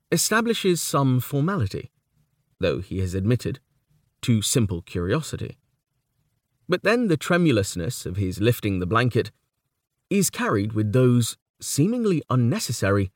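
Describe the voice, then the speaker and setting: A man narrating a book in a measured, deliberate way, his fairly low voice rising and falling a lot. The sound is dry and close, with no room echo. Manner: measured reading, reciting verse quotations with feeling. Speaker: audiobook narrator. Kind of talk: scripted narration of a book on poetry.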